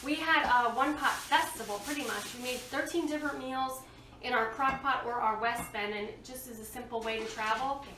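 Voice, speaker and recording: A woman's voice: a little high, normal speed, background noise. A woman in her thirties hosting a casual cooking demonstration in her home kitchen, chatting to viewers and coaching her kids as she cooks. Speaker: host of a home cooking show, mother. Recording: echoey kitchen, far from the mic, clattering dishes. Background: clinking cutlery and dishes.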